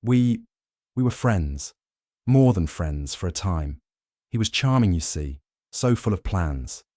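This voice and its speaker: A man's voice: low voice, animated, slow pace, warm tone, dry recording, studio quality, heavily acted. A man voicing a tearful young actress in an audiobook, with a tremulous, wavering voice. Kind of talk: audiobook character voice.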